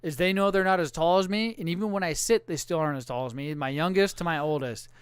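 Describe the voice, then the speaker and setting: A man's voice: fairly high pitch, fast, clear, resonant tone, dry recording. A middle-aged man telling crude stories as a podcast co-host, swearing freely and acting out the people in them. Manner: profane, animated, acts out voices in anecdotes. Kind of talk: crude casual storytelling.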